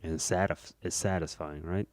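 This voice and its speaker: A man's voice: deep voice, steady tone, a little mellow, no room sound, studio quality. A man in his late twenties co-hosting a podcast in casual chat, chatty and prodding with questions. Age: late 20s. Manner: chatty, quick to laugh and prod with questions. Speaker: podcast co-host.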